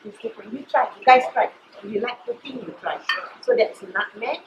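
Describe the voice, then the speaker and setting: Recorded in an echoey hotel kitchen with dull audio and slight background noise, a middle-aged Malaysian-accented woman gives a live cooking demonstration. Her pitch is fairly high and she talks a little fast. As a chef she explains things chattily, regularly checking in with listeners through "you know" and "all right."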